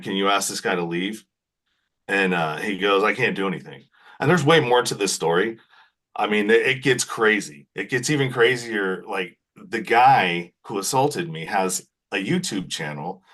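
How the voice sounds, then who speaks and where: A man as a podcast guest, telling a long story in casual chat and often tagging his sentences with "right?". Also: lowish voice. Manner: animated, repeats "right?" often.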